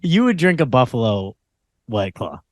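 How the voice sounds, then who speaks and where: A man's voice: mid-range voice, very animated, normal speed, no room sound, studio quality. A young man co-hosting a comedy podcast, teasing his friend in casual chat and laughing often. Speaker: podcast co-host.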